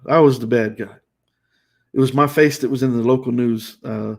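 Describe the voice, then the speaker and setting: A man's voice: mid-range voice, steady tone, a little fast, creaky, a little mellow. Earnest man telling his story with restarts. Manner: earnest, repetitive, emphatic with many restarts. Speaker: host. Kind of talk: personal testimony on a live stream.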